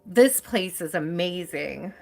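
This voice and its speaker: A woman's voice: fairly low pitch, expressive, slow pace, vocal fry, soft background music. A woman hosting a tarot live stream, chatting casually and effusively, laughing often and using lots of fillers.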